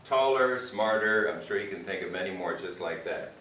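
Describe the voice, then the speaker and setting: A man's voice: deep voice, normal speed. A man teaching English grammar who spells words out letter by letter and repeats each example sentence while writing on a board. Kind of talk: grammar lesson. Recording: echoey room, mic far off, faint background noise.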